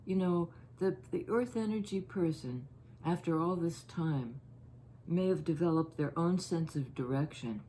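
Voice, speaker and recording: A woman giving a casual tarot reading, musing and halting as she thinks aloud over each card. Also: lowish voice, warm tone, slight background noise. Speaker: tarot reader.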